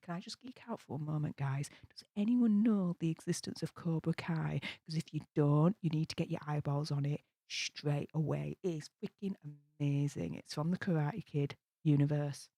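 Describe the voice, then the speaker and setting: A British woman hosting a live stream at night, talking low and quietly but bubbly and gushing. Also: moderate pace, hardly any pauses, no room sound, studio quality. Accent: British English. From United Kingdom. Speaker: livestream host. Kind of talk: casual live-stream chat, hushed. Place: home room at night.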